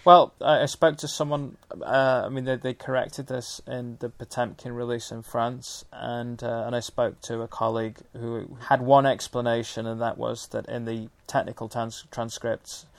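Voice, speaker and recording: A man speaking as a film historian in a conversational discussion, measured and detailed, with frequent restarts. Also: medium pitch, level tone, creaky, dry recording.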